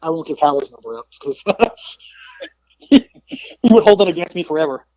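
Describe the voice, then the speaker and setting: A middle-aged man, a wrestling promoter, telling backstage stories in an animated way with frequent restarts. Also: fairly high pitch, moderate pace, no room sound. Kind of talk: casual storytelling. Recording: dull, dry lo-fi audio.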